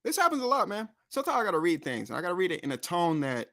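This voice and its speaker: A man's voice: high-pitched, big pitch swings, rapid-fire, fairly bright tone. A man hosting a casual music livestream, talking in a loose, rambling way with swearing and frequent self-corrections. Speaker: streaming show host and rapper.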